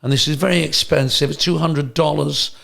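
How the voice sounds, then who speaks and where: A man voicing a polite male manager of an upmarket cheese shop, speaking in a measured sales patter. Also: fairly high pitch, steady tone, creaky, a bit bright, full character voice. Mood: proud.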